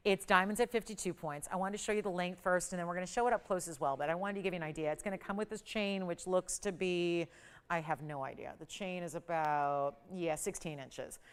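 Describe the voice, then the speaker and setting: Smooth-voiced woman hosting a shopping show. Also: on the low side, a little fast. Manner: enthusiastic, emphatic sales patter. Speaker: shopping channel host. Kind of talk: live on-air sales pitch. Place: TV studio.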